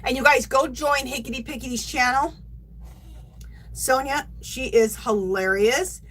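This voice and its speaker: A woman's voice: high voice, a little slow, a bit bright, poor audio. A middle-aged woman hosting a yarn craft livestream, gushing and chatting casually to her viewers.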